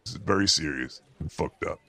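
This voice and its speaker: Faint music plays behind a dry recording of a man in a deep, gravelly, exaggerated voice that sounds pushed and bright, delivered briskly. He's playing a paranoid, foul-mouthed male cartoon rat who hosts a show and rants about the news crudely and with exasperation, for laughs.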